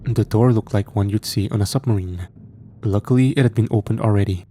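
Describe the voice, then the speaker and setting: A man narrating a first-person horror story in a measured, steady way. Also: fairly low pitch, a little hiss or hum.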